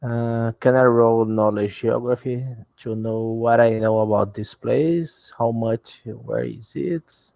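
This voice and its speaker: A man speaking as a player in a tabletop game, halting and a bit unsure. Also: mid-range voice, fairly even intonation, creaky, mellow, no echo. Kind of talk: casual tabletop play.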